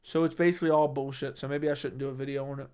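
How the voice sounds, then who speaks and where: A man's voice: mid-range voice, level tone, very fast, darkish tone, clean tone. A young man hosting a livestream who reads viewer comments aloud and answers them bluntly, swearing often. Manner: blunt and profane, talks back to chat. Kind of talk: casual livestream chat. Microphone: studio microphone at a desk.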